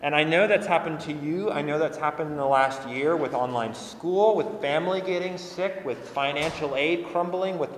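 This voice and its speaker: A man's voice: on the high side, moderate pace, few pauses, slight background noise. A young man, a pastor, preaching a sermon in an earnest, conversational way and repeating phrases for emphasis. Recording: echoey hall with long reverb.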